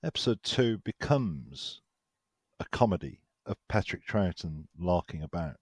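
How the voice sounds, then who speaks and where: A man's voice: low-pitched, lively intonation, a little slow, darkish tone, breathy edge, dry recording, clean studio sound. A man co-hosting a podcast, wondering aloud in a playful way and steering the talk. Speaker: podcast co-host. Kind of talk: casual discussion.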